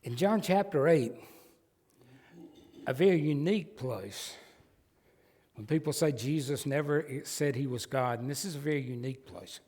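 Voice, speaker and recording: A man's voice: mid-range voice, moderate pace, long pauses, a little mellow, breathy edge. A man with a Southern American accent preaching a sermon as pastor, folksy and emphatic with joking asides. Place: church sanctuary. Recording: long church hall reverb.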